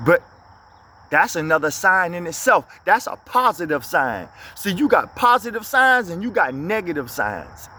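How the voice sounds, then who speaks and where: A man preaches into his phone from inside a vehicle. He speaks in a with a high-pitched voice. He fires off blunt, scolding rhetorical questions. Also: sing-song, moderate pace, sharp tone. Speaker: inspirational speaker. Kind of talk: motivational preaching monologue.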